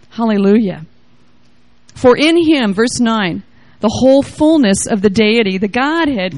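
A woman delivers a charismatic sermon in a high, bright voice, reading scripture aloud and riffing on it exuberantly. She swings between shouting praise and murmuring quiet asides, and the audio is dry with no room echo.

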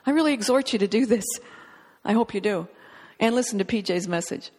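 A woman's voice: mid-range voice, brisk, a little mellow. Fervent woman preaching in a reverberant hall. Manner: fervent, emphatic, reads scripture aloud. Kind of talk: sermon.

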